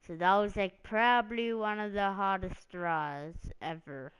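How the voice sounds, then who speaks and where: A woman talking wrestling on a live stream in a slow, easygoing ramble. Her voice is smooth and clean, and she drifts between thoughts with plenty of "like" and "um." She keeps it loose and conversational. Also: medium pitch. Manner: rambling, meandering, heavy on "like" and "um". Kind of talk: casual live-stream commentary.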